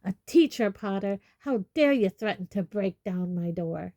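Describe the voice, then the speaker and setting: A huge, grumpy male gamekeeper, as a woman reading a storybook puts him on, growls his lines loudly. The voice is mellow and dark, recorded close and dry. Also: medium pitch, measured pace, dry recording, close to an everyday voice. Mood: roaring. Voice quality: loud, growling.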